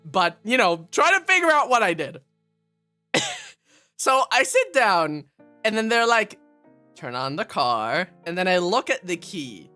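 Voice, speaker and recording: A streamer casually telling a funny story to chat, animated and laughing often at their own expense. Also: mid-range voice, a little slow, pauses often, soft background music.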